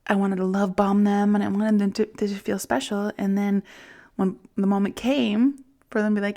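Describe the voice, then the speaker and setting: Soft-spoken gravelly woman in her forties. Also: mid-range voice, fairly even intonation, normal speed. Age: 40s. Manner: soft, intimate, often drops to a whisper; gentle, self-soothing. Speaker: podcast host. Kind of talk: reflective personal monologue.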